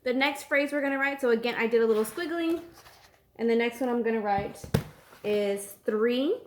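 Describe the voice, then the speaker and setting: A woman teacher explaining an algebra lesson patiently, repeating each step slowly and checking in with her students. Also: fairly high pitch, noisy background. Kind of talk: recorded math lesson.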